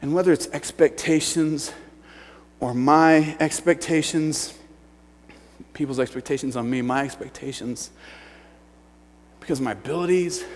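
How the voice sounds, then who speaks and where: Youth pastor preaching in a reverberant hall. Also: male voice, a little high. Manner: swings from hushed near-whispers to loud shouting. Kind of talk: sermon. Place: church sanctuary.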